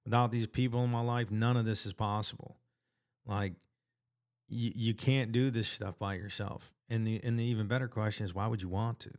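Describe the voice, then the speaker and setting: A man's voice: lowish voice, steady tone, brisk. A man vlogging about his weight-loss progress in an earnest, casual motivational monologue, full of slang and restarts.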